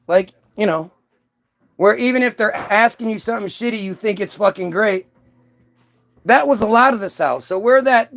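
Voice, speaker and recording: A man's voice: sits high, moderate pace, fairly bright tone. A man hosting a profane, rambling rant monologue, full of restarts and swearing. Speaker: host.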